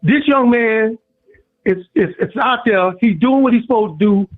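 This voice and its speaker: A man calling in to a sports radio show, preaching and repeating himself. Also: normal speed. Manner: preachy, repeats himself, swings high and low. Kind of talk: impassioned call-in rant. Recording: tinny phone line.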